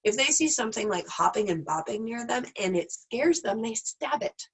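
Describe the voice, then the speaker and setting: A woman teacher runs a casual online class in a candid, self-deprecating way, rambling off into asides. She sounds a bit teary and stuffed up. Her voice is fairly high and expressive at a moderate pace, on a rough recording.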